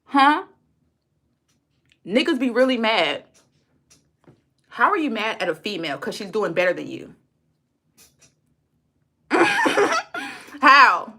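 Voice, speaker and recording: Bright-voiced woman ranting to her chat. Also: a little high, huge pitch swings, slow, pauses often, a little hiss or hum. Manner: blunt, profane, heated; repeats lines for emphasis. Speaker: livestreamer talking to her chat. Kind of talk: unscripted livestream rant.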